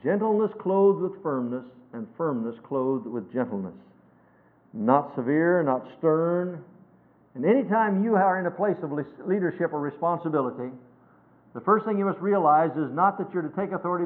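A man's voice: on the high side, animated. Emphatic preacher man on a tinny recording. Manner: emphatic, swings between loud and hushed; quotes scripture in a measured cadence. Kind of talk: sermon. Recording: tinny phone-like sermon recording.

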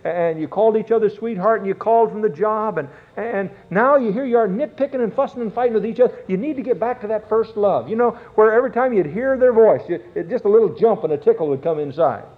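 A man preaches a sermon in a somewhat high voice, leaning hard on drawn-out words as his fervor builds. The sound is thin and boxy, as if heard over a phone line. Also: expressive. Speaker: pastor.

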